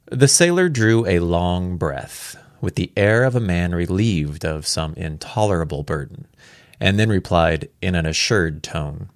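A man casually reading a classic story aloud, relaxed and chatty, breaking off now and then to comment on the text. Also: deep voice, a little slow, dry recording, clean studio sound. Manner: relaxed, chatty, comments and laughs at his own slips. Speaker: reader.

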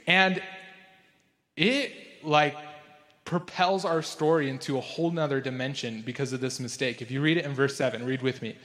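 A man's voice: expressive, moderate pace, a bit bright. Chatty male pastor in a reverberant hall. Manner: casual and chatty, with many fillers like "like"; jumps up in pitch and volume for emphasis and quotes. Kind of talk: conversational sermon.

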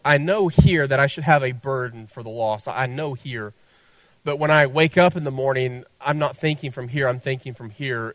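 A man voicing a weary churchgoing man who haltingly confides his burdens to his pastor, low and subdued. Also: dry recording, natural voice.

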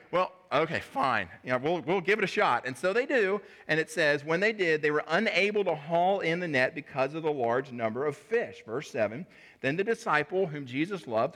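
A man preaching a sermon in a conversational way, acting out the dialogue of the people in his story. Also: fairly bright tone. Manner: conversational, acts out dialogue with sudden pitch jumps.

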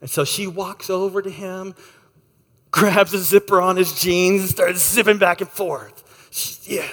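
A man gives a sermon in a hall with a long echo, his voice a little higher than most men's. He tells stories with energy, jumping into lively acted-out voices. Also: a little slow, soft background music. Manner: animated storyteller, acts out voices. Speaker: pastor. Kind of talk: sermon with storytelling.

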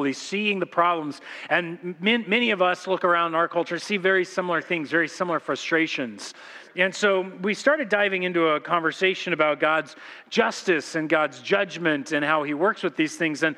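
A man preaching a sermon as pastor, telling stories in an informal, joking way to his congregation. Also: a little high. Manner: animated storytelling, informal and joking. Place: church sanctuary. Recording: long church hall reverb.

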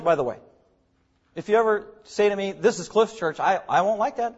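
A man's voice: high-pitched, lively intonation, fairly quick, darkish tone, slightly rough, highs cut off. A man preaching as the pastor of his church, explaining terms with emphatic repetition. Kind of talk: sermon.

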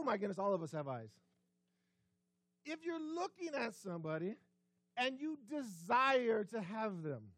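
In a church sanctuary, a male pastor delivers a conversational sermon, questioning the congregation and lowering his voice to a quiet murmur for emphasis. His voice carries a breathy edge, and there's no echo.

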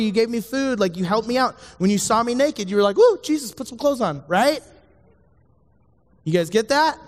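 A man with a high voice giving a casual sermon, chatty and jokey, often checking in with his listeners. His voice rings out with a long echo, as in a large hall.

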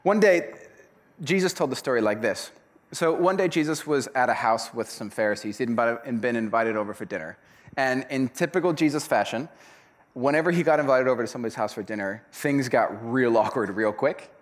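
A man preaching to a church crowd, loose and chatty as he retells an old parable. His voice sits at a middle pitch, and he jumps into little acted voices of the characters along the way. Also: a little fast. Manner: casual, animated storytelling with acted voices. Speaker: pastor.

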